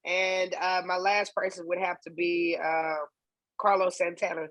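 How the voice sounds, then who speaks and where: A woman guest on a casual podcast interview, a singer and percussionist telling stories in a lively way. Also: on the low side, unhurried, no echo, lo-fi sound. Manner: lively storyteller, acts out dialogue.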